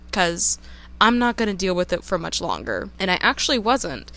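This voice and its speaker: A woman's voice: fairly low pitch, fairly bright tone. A young woman telling a personal story in a casual vlog monologue, candid, emotional and openly profane. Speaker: storytime vlogger.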